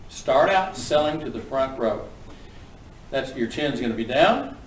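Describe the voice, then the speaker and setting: A man lecturing a class on auctioneering in a folksy, brisk, joking manner. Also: mid-range voice, animated, a little hiss or hum. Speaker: auctioneering instructor. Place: classroom with students. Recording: echoey room from a distance.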